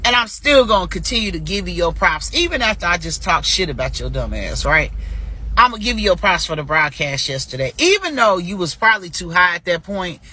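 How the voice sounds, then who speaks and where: A woman hosts a livestream and rants heatedly at a rival, swearing at every turn. Her bright, forceful voice rises and falls in wide swings. She lurches from outright shouting to mocking asides. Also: fairly low pitch, big pitch swings, fairly quick, slightly rough. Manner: heated, scolding, profanity-laced. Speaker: livestream host. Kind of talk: profane livestream rant.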